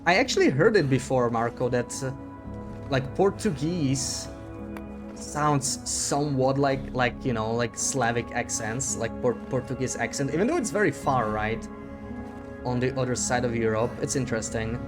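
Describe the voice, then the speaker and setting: A man's voice: mid-range voice, expressive, moderate pace, music in the background. A young man chatting casually on a live stream while he plays, reading chat aloud and joking about himself. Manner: chatty, reads chat aloud, self-deprecating laughs.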